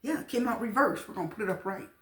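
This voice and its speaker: A woman's voice: medium pitch, expressive, very fast, reverberant. A woman giving a casual tarot reading to camera, emphatic and chatty, repeating her points to the viewers. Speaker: tarot reader.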